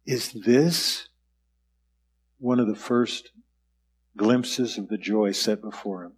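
A man's voice: lowish voice, slow pace, slightly rough. A man leading an online Bible study, reading scripture aloud and asking the group reflective questions over a video call. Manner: guiding, asks reflective questions.

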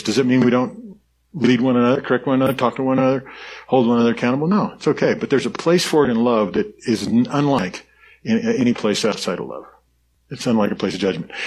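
Earnest and conversational, this man preaches in a medium-pitched, slightly rough voice, often breaking off to restart sentences and laughing softly along the way.

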